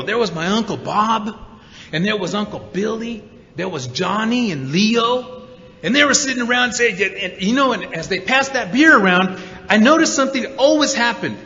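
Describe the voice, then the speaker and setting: A man speaking at a recovery meeting, telling his story to an audience in an animated way, acting out the voices of the people in it. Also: sits high. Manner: animated storyteller, acts out quotes, many repeated 'and's. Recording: dull recording in a hall with reverb.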